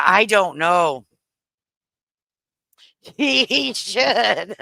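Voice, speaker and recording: A woman's voice: lowish voice, bright, forceful tone, dry recording, poor audio. Chatty woman on a headset. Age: middle-aged. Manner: chatty, laughs often, Southern slang. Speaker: live-stream commentator. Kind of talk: casual live-stream chat. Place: home kitchen. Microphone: headset microphone.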